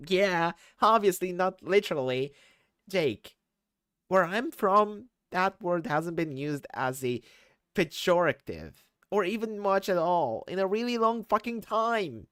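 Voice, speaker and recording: A man's voice: high-pitched, unhurried, smooth, no room sound, clean studio sound. A man voicing a laid-back, sardonic teen boy who mocks and swears. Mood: mocking. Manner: mocking, profane, deadpan jabs.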